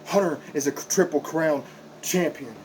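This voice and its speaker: A man's voice: a little high, measured pace, darkish tone, slight background noise, low-quality recording. A man cutting an impassioned, confrontational wrestling promo, repeating himself for emphasis as a backyard wrestler.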